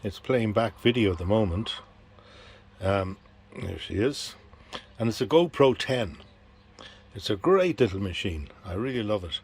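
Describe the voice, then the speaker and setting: A man's voice: fairly low pitch, animated, measured pace, long pauses, husky. A middle-aged man with an Irish accent, vlogging to a handheld camera in an easygoing, rambling way with plenty of fillers. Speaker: travel vlogger. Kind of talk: casual chat to camera. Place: outdoors on a busy street. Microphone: handheld action camera. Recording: outdoor street noise behind.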